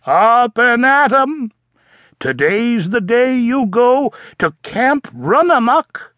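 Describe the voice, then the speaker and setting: A man's voice: sits high, big pitch swings, extremely slow, vocal fry, fairly bright tone, no room sound, muffled recording, exaggerated voice. A man voicing a frog father, hearty and patient but worn down, in a storybook reading. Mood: rousing.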